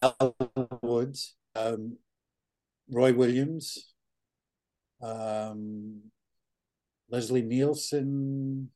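A man's voice: mid-range voice, drawn-out words, long pauses. Male guest from New York, casual talk, blunt and laid-back. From New York area. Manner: relaxed, blunt, swears casually. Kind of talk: casual interview chat.

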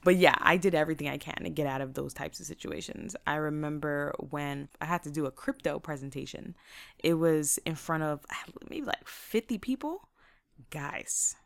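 A young woman casually telling her own stories in a lively, motivational way, laughing often and acting out what she said back then. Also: low-pitched, normal speed, gravelly, no room sound. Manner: faith-inflected, motivational.

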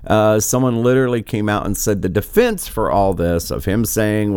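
A man riffs through casual political commentary in a lowish voice that swings widely in pitch. He rambles, sighs through his points and slips into sarcasm. The sound is dry and close to the mic. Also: lively intonation, normal speed, hardly any pauses, a little mellow, clear, resonant tone, dry recording. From United States.

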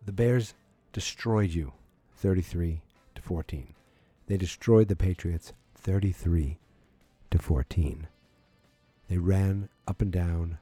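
A worn-out man talks into a podcast mic late at night, venting with dry sarcasm and the odd curse. His voice sits low and dark, and the sound is dry and close, with faint music behind him. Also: slow pace, slightly rough, no echo. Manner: dejected, sarcastic, swearing. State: tired, yawning late at night. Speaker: podcast host. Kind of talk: solo sports podcast rant.

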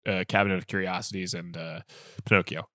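Animated man retelling movie scenes. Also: low-pitched, fast talker, dry recording, studio quality. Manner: animated storyteller who acts out quotes. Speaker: podcast co-host. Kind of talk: casual film chat.

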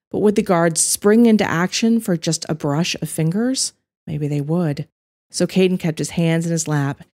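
Low-voiced woman reading a story. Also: mellow, no echo, studio quality. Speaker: audiobook narrator and author. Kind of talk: scripted story narration.

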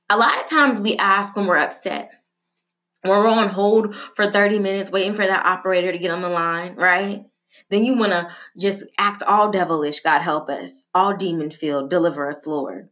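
A woman giving a prayer and a sermon-style talk, chatty and animated, with slang and asides. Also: mid-range voice. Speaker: devotional speaker. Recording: dull lo-fi sound with faint music.

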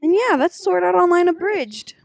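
A woman's voice: very high-pitched, lively intonation, moderate pace, gravelly, dry recording. A young woman co-hosting a podcast, rambling through a show recap with lots of laughs and teasing. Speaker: podcast co-host. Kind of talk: casual chat, retelling a show. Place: small room, on a bed.

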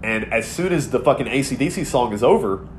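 Man, 30s, podcast co-host, casual chat, rambling, profane, mid pitch, faint noise behind. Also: lively intonation, a little fast.

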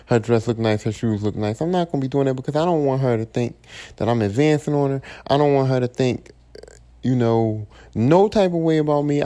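A man talks on his own podcast in a loose, unscripted monologue. His voice is mellow and relaxed at a middling pitch. He swears freely and circles back to repeat his points. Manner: profane, rambling, repeats himself. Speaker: podcast host. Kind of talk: casual solo podcast monologue.

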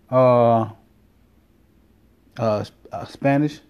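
Man, casual storytelling, rambling, profane, mellow tone, middle pitch. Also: steady tone, slow pace, long pauses. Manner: rambling, profane, self-interrupting. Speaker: vlogger.

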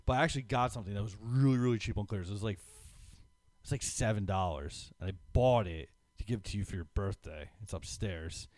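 A man's voice: on the low side, brisk, dry recording. Rambling casual man, dry close sound. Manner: rambling, lots of filler words, animated when excited. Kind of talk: casual chat.

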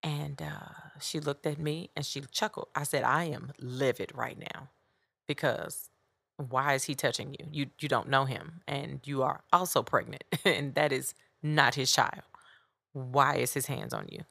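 A woman hosting a podcast, telling a story in a blunt, animated way. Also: very deep voice, measured pace, vocal fry, no room sound. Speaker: podcast host. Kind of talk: casual storytelling monologue.

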